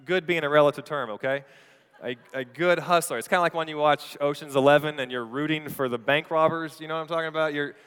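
Playful pastor in a ringing church hall. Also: male voice, a little high, fairly even intonation, a bit bright, smooth. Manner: playful storytelling, quick asides to the congregation. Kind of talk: sermon. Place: church sanctuary.

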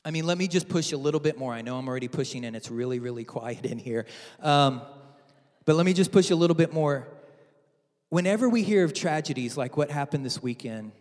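A man's voice: on the high side, expressive, a little fast, a little mellow. A man preaching a sermon in a church, telling a story playfully with many repeats. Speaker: pastor. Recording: hall with long reverb.

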